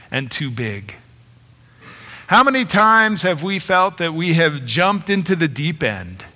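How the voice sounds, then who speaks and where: A middle-aged man preaching a sermon in an unhurried, deliberate pace, his voice bright and slightly high. He tells the story with storyteller's flair, and the sound carries a long reverb, as if from a large hall. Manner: storytelling, animated when retelling scenes. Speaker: pastor.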